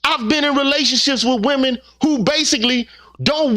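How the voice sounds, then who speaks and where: A man's voice: extremely high pitch, moderate pace, pushed and bright. A man hosting his own channel, delivering a heated opinion monologue with profanity and repeated rhetorical questions. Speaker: channel host.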